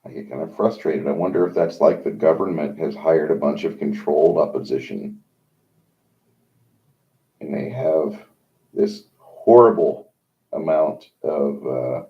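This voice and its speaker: A man hosting a livestream, talking in a rambling, opinionated monologue with many halts. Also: extremely low pitch. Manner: rambling, opinionated, halting with fillers. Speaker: livestream host. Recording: dull lo-fi sound.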